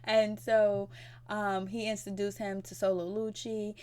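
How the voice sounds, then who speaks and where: A woman's voice: mid-range voice, flat delivery, a little slow, a little mellow. A woman giving a casual, gossipy recap of a TV episode in a chatty retelling style. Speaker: TV recap vlogger.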